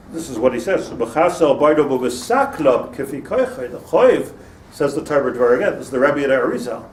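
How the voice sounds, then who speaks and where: In an informal Torah lecture to a class, a man who is a rabbi digresses, begins sentences again, and laughs at his own jokes. His voice leans high and slightly mellow. The mic is distant and the room audible, with some faint noise.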